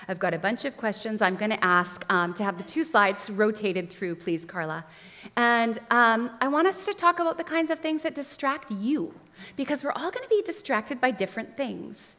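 A woman teaching a women's Bible study class, reading a story aloud with expression and then leading discussion. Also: medium pitch. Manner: expressive, animated reader. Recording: long hall reverb.

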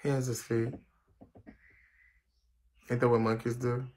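A man's voice: medium pitch, level tone, darkish tone, slight background noise. A young man hosting a casual livestream chat, brash and profane, reading viewer comments aloud and ranting at them. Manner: brash, profane, quick to rant. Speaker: livestream host.

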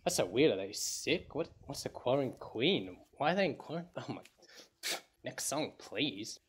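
A man's voice: medium pitch, big pitch swings, moderate pace. A man giving a comedic album review in a wry, sarcastic way, swearing freely. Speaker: music reviewer. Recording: echoey room with faint music.

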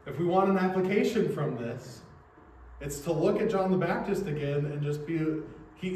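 A man's voice: a little high, moderate pace, darkish tone, slight background noise. A man, a pastor, preaching a sermon in a church and explaining his points earnestly with rhetorical questions. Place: church sanctuary. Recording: echoey hall, mic from a distance.

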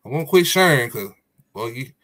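A man co-hosting an online talk show, preaching with emphatic, drawn-out stresses in a casual call. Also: mid-range voice, lively intonation, heavy background noise. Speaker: podcast co-host. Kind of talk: casual religious discussion.

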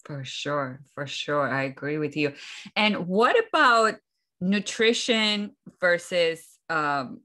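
A woman with a notably low voice hosts a podcast. She chats in a relaxed, agreeable way, with filler words and easy back-and-forth. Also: takes it slowly. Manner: casual, agreeable, chatty. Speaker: podcast host. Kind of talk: conversational podcast interview.

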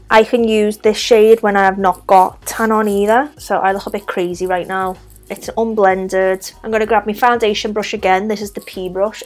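A young woman with a Scouse accent, chatting her way through a makeup tutorial step by step. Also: medium pitch. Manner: chatty, talks through each step while applying makeup. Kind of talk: casual makeup tutorial narration.

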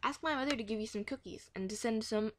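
A woman's voice: a little high, fast talker, noisy background, lightly acted. A woman voicing a matter-of-fact young boy in a children's story read aloud.

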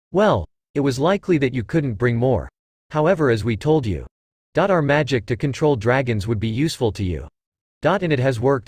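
A man's voice: mid-range voice, a little mellow, husky, no room sound, clean studio sound. A man reading the lines of an arrogant, tyrannical male dragon king in an evenly read storybook voice.

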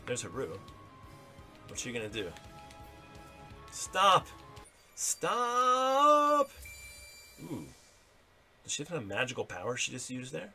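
A man hosting a gaming channel, reacting excitedly while commenting on gameplay. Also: fairly low pitch, gravelly.

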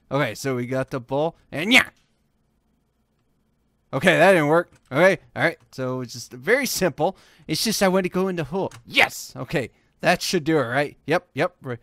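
A young man hosting a gaming video, giving casual gameplay commentary and swearing and yelling at the game as he plays. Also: medium pitch, dry recording, studio quality. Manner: excitable, swears and yells at the game.

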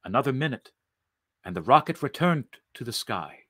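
A man reading a story aloud in an expressive, deliberate way. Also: mid-range voice, breathy edge, no echo, clean studio sound.

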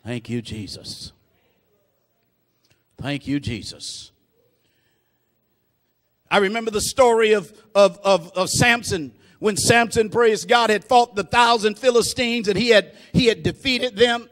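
Fervent high-voiced male preacher. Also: normal speed, hardly any pauses, a bit bright. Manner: fervent, call-and-response preaching; peppers speech with "praise God". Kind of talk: sermon.

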